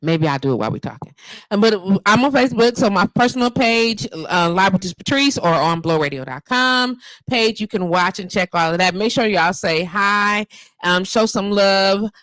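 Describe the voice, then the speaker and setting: Chatty, animated woman in her fifties. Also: medium pitch, normal speed, no echo, low-quality recording. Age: 50s. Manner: animated, emphatic and chatty, lots of slang. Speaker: show host. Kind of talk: casual live radio show chat. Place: home studio. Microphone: handheld mic at home.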